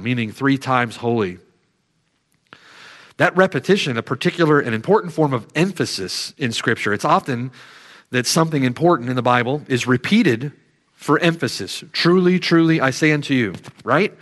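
A man preaching a sermon who swings from hushed, slow reflection to loud, emphatic declarations, drawing out key words. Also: mid-range voice, lively intonation.

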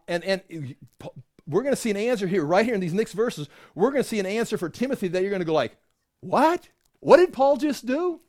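A man's voice: sits high, darkish tone. A middle-aged man teaching from the Bible in a conversational sermon, acting out the voices in quoted exchanges. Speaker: pastor.

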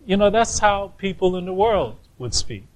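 A man preaching a sermon, with emphatic, drawn-out stresses on key words. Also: sits high, big pitch swings.

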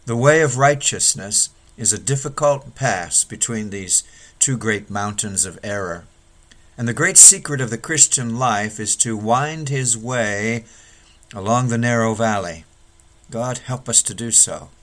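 Man, sermon delivery, measured and earnest, sharp rises in pitch for quoted complaints. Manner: measured preaching with sudden raised pleading quotes. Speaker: preacher.

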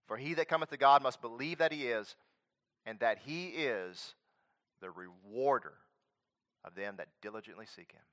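Bright-voiced male preacher in a sermon. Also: mid-range voice, animated, moderate pace. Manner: swings from loud emphatic preaching to quiet earnest appeals.

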